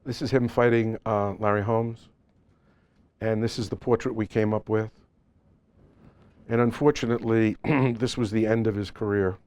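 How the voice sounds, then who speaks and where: A middle-aged or older photographer telling animated, joking stories at a live seminar with slides. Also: male voice, lowish voice, moderate pace, pauses often, clean tone, no echo. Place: seminar event space.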